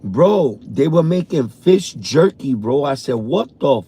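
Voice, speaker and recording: A man with a New York accent, a vlogger telling a profane, animated story from his car on a morning drive. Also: mid-range voice, measured pace, breathy edge. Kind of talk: casual storytelling.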